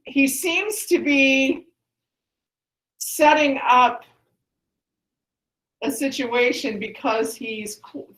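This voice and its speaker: Woman teacher, slightly high voice, chatty, echoey classroom. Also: a bit bright. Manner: chatty, repeats and restarts, asks the class questions. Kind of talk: classroom lesson, explaining a play.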